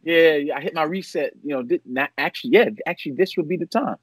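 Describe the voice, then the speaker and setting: A middle-aged man, a pastor, answering interview questions in a relaxed way, often pausing, restarting and laughing. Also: fairly high pitch, dry recording, low-quality recording. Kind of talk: casual interview chat.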